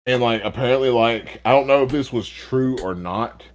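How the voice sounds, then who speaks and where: A man's voice: medium pitch, normal speed. Chatty man telling stories, laughing often. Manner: animated storytelling, laughs a lot. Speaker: podcast co-host. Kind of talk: casual podcast chat.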